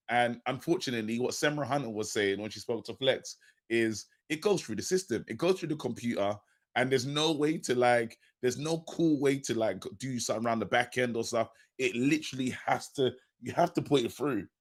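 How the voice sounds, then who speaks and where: Laid-back man chatting football. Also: medium pitch. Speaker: panelist. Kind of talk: casual football podcast chat.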